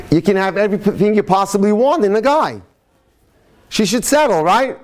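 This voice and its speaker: Animated storytelling rabbi. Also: male voice, sits high. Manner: animated storytelling, speeds up and slows down. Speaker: rabbi lecturer. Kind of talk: lecture with jokes and stories.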